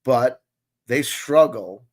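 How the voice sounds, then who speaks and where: A man's voice: mid-range voice, expressive, slow pace. A man in his late forties hosting a casual reaction commentary, rambling and swearing, constantly checking in with his listener. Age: 40s. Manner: rambling, profane, keeps asking "you know what I mean". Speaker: host.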